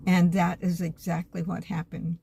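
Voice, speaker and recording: An older woman talking to camera in a homespun, earnest way, gently sharing her faith. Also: fairly low pitch, little pitch movement, normal speed, creaky, husky. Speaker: vlogger. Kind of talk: casual reflective monologue.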